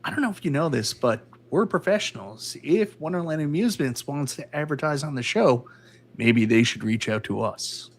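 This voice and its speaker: A man with a fairly high, animated voice trades teasing jokes on a gaming live stream. His pitch swings freely as he banters with his co-host. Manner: joking, teasing, quick to laugh. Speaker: co-host of an arcade gaming show.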